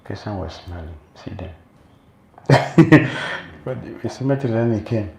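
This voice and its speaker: Gravelly-voiced man preaching in an echoey hall. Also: lowish voice, measured pace. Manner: animated storytelling with laughter. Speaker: monk preacher. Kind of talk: sermon. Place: temple hall. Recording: echoey room, faint noise.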